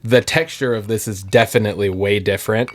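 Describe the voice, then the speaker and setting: A man's voice: fairly low pitch, fairly even intonation, brisk. Rambling laid-back male podcast co-host. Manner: rambling, laughs often, trails off and restarts. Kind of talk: casual chat tasting a drink.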